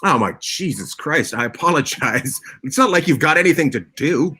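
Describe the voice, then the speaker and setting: A man's voice: a little high, lively intonation, normal speed, sharp tone, husky. A male host teasing his guests and swearing freely in a casual comedic chat over a video call.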